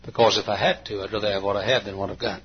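A man in his late fifties preaching a sermon, folksy and storytelling, with a gravelly voice. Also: flat delivery, racing, dull audio. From Texas. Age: 50s. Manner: folksy, acts out anecdotes with bursts of high imitation and laughter.

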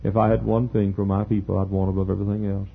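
A man's voice: lowish voice, little pitch movement, quick pace, creaky, a little hiss or hum. An older man preaching a sermon in an earnest, folksy storytelling way. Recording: tinny phone-like sound.

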